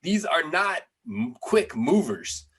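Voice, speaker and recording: A man's voice: high-pitched, very animated, slow pace, gravelly, a bit bright, husky. A man who played pro football, co-hosting a sports podcast, analytical and emphatic with frequent restarts. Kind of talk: casual sports podcast chat.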